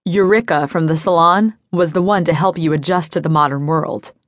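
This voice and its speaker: A woman's voice: fairly low pitch, moderate pace, dry recording, clean studio sound, natural voice. A woman voicing an earnest, angry young man in an audiobook, speaking in an urgent, serious manner.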